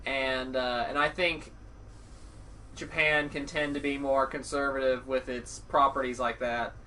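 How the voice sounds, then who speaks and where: A man's voice: medium pitch, level tone, measured pace, sharp tone, slight background noise. A man co-hosting a casual podcast chat, thoughtful and hedging with fillers. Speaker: podcast co-host. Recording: distant from the mic.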